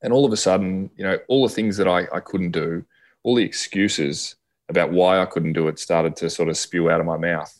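Guest storyteller: Australian man, low voice, acts out quoted dialogue. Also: fairly even intonation, fairly quick. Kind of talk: personal storytelling in a podcast interview.

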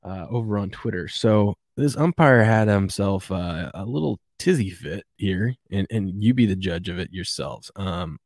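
A man's voice: low voice, animated, moderate pace, hardly any pauses, a little mellow. A man hosting a casual morning sports show, rambling and chuckling as he reads viewer comments. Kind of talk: casual live sports chat.

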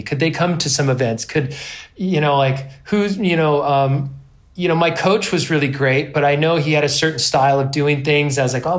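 A man in his thirties, a guest on an interview podcast, telling a personal story in a rambling, self-deprecating way with lively quoted asides. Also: fairly high pitch. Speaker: guest, pro snowboarder.

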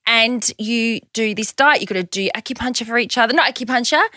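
A woman's voice: fairly high pitch, a little fast, dry recording, clean studio sound. A woman guest on a casual podcast, telling a story with lots of laughs and acted-out quotes. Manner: animated storyteller, acts out quotes, laughs often.

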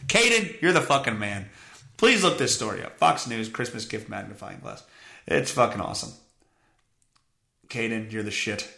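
Sarcastic, swearing podcast host, bright voice. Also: male voice, on the low side, lively intonation, normal speed, creaky, pauses often, roomy sound. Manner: sarcastic, swears often, mocks the stories he reads. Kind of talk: profane comedic news commentary.

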